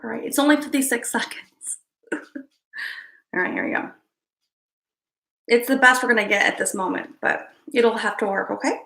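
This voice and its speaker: A woman's voice: fairly high pitch, vocal fry, sharp tone. Breathless woman hosting a livestream. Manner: halting, repeats herself, checks on viewers. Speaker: psychic livestream host. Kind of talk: casual livestream chat.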